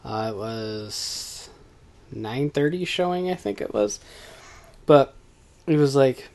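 A man's voice: medium pitch, animated, slow, pauses often, darkish tone. Rambling, laughing casual male storyteller. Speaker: podcast co-host. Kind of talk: casual chat about a movie.

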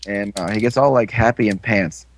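A man's voice: lowish voice, moderate pace, a little hiss or hum. A man casually recapping an episode in a rambling, amused way, with plenty of fillers. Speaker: podcast co-host recapping an episode. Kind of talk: casual chat.

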